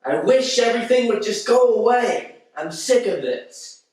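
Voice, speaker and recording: A man's voice: extremely high pitch, lively intonation, a little slow, a little mellow, voice pushed up. A man voicing a naive, whiny young man who sounds fed up and pleading. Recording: very echoey room, distant mic.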